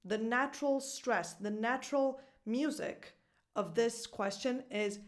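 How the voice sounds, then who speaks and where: Giving an online pronunciation lesson, a native Italian speaker coaches with an upbeat, clear delivery and models example phrases. Her voice is a little high and her pace a little slow.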